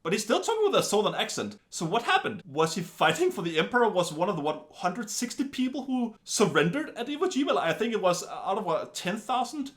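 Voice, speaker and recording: A man giving a casual film review in an animated, wry way, full of chatty asides. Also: sits high, a little fast, hardly any pauses, faint music behind.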